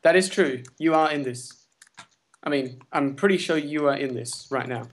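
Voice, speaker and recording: A man's voice: fairly high pitch, moderate pace, slight background noise. A young man co-hosting a gaming video, chatting casually in a dry, teasing way. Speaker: gaming channel co-host. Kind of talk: casual chat over gameplay.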